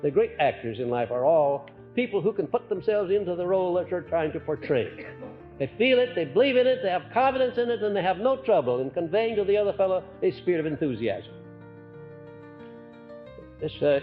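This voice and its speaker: Folksy older-era man lecturing, muffled recording. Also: on the high side. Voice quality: frequent "uh" hesitations. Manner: folksy, earnest, swings between loud and soft on purpose. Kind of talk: recorded lecture to a live audience. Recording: muffled archival recording, faint music.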